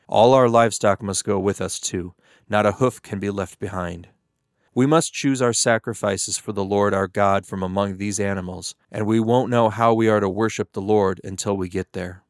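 A man's voice: on the low side, steady tone, moderate pace, dry recording, studio quality, natural voice. A man reading the lines of a resolute prophet in a Bible reading, firm and earnest. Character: Moses, a resolute male prophet.

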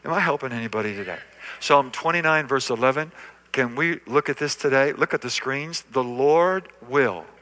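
Forceful older male pastor preaching. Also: mid-range voice, fairly quick. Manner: emphatic, repetitive preaching with call-and-response. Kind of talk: sermon. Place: church sanctuary.

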